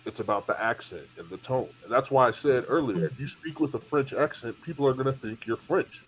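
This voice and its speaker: A man's voice: mid-range voice, brisk, a little hiss or hum. A man co-hosting a podcast, making his points emphatically in a casual discussion. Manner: argumentative, emphatic. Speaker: podcast co-host. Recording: lo-fi dull sound.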